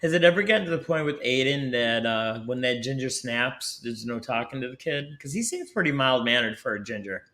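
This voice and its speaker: A man's voice: mid-range voice, lively intonation, fairly quick, few pauses, bright, forceful tone. A man from Buffalo, New York, hosting a podcast in casual chat, joking and teasing his co-hosts. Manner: joking, teasing, self-mocking. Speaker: podcast host.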